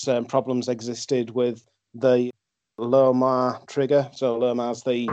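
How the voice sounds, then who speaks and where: A man in casual chat, recounting facts in a measured, hesitant way with repeated restarts. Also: medium pitch, mellow, dry recording.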